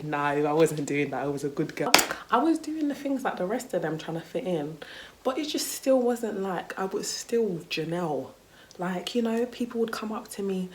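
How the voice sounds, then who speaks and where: A woman's voice: on the low side, normal speed, darkish tone, slight background noise. A young woman vlogging a casual story time, candid and chatty, with lots of "like" and "you know" and some swearing. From United Kingdom.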